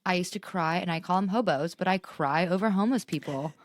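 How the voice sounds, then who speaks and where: A young woman with a low-pitched voice co-hosts a casual podcast chat. She is bubbly, laughs often and swears now and then. The sound is dry and close. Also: fairly quick, dry recording. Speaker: podcast co-host.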